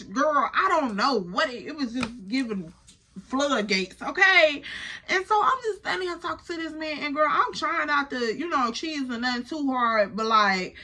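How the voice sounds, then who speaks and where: A young woman from Chicago tells a story with her Chicago accent, talking straight to viewers as if to a close friend. Her voice is bright and a little high, and she swears freely in an animated, chatty flow. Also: normal speed. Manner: animated, profane, talks to viewers as "girl". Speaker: vlogger. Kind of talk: casual storytime.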